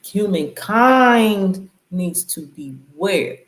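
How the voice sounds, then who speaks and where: Extremely slow yet lively in intonation, this channel host speaks in a mid-range voice, riffing preachily and conversationally on spiritual matters. The room she's in is echoey.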